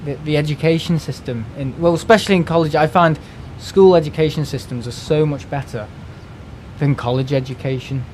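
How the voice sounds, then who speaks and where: A man's voice: fairly high pitch, fairly quick, darkish tone, a little hiss or hum. Rambling man venting on a stream. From United Kingdom. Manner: rambling, restarts words, swears, exasperated. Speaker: live streamer. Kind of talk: casual ranting chat.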